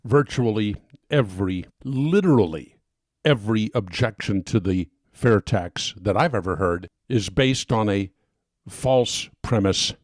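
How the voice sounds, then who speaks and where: A man's voice: fairly low pitch, darkish tone, no echo, clean studio sound. A man hosting a talk show, delivering an impassioned monologue that keeps building into emphatic bursts. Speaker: talk radio host. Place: home studio.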